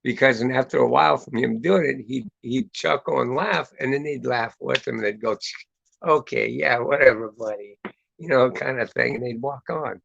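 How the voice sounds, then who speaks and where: A man's voice: mid-range voice, fairly quick, vocal fry, hardly any pauses, fairly bright tone, slight background noise. A man hosting a show in casual chat, chatty and crude, swearing freely. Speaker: host. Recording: dull lo-fi dry recording.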